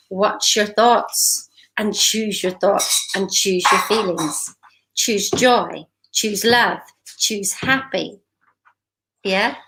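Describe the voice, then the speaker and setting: A woman's voice: medium pitch, a bit bright, low-quality recording. A woman giving an upbeat, encouraging motivational talk on a live stream, often laughing and breaking into asides.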